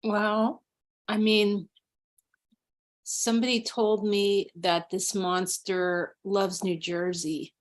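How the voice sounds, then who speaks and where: A woman performing in an improv comedy scene over a video call, with a deadpan, matter-of-fact delivery. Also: mid-range voice, slow.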